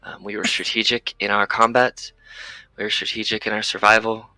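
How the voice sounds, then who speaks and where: A man's voice: fairly low pitch, level tone, a little fast, bright, forceful tone, dry recording, voice pushed up, rough recording. A man voicing a young Viking warrior who reports to his king in a formal, earnest way.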